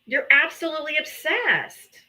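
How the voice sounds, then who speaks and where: A young woman hosts a confrontational political livestream, her voice bright and pushed forward. She taunts and calls out viewers, daring them to join. She speaks a little higher than most women. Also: sing-song, a little slow, low-quality recording. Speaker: livestream host.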